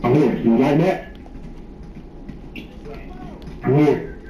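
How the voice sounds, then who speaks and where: A man's voice: mid-range voice, extremely slow, mellow, reverberant, a little hiss or hum. A man on game voice chat snapping back at a teammate with insults.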